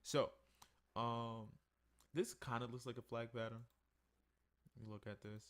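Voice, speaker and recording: A man's voice: mid-range voice, unhurried, smooth. A tired man going over his trading charts in a casual weekly review, yawning between points. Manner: tired, yawning, relaxed and conversational. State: sleepy. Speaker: forex trading analyst. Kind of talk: casual screen-share market review.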